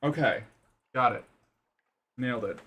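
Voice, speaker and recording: A man's voice: medium pitch, unhurried, pushed and bright, slightly rough. A man streaming live, chatting casually to his viewers while playing a game. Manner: chatty, talks to chat while playing and exercising.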